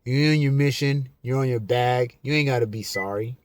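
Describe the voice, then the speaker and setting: A man vlogger giving a casual, emphatic monologue to camera, slowing down and repeating his key lines. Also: mid-range voice. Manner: slow, repetitive, emphatic.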